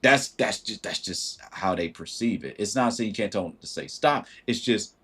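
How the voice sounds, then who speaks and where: A man's voice: lowish voice, normal speed, slightly rough. A man hosting a casual livestream, talking animatedly, acting out thoughts in different voices and greeting viewers as he goes. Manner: animated, acts out quoted thoughts in shifting voices; greets viewers mid-sentence. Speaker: livestream host.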